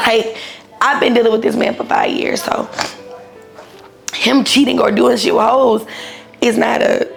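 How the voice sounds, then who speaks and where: A woman's voice: on the high side, measured pace, gravelly, pauses often, soft background music. A woman in her thirties telling her own story casually, blunt and profane, acting out the people she quotes. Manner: blunt, profane, animated retelling with quoted dialogue.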